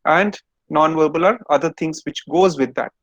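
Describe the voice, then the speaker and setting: A man's voice: a little high, normal speed, no room sound, highs cut off. Man lecturing over a video call. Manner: explains step by step, quizzes students. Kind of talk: online lecture.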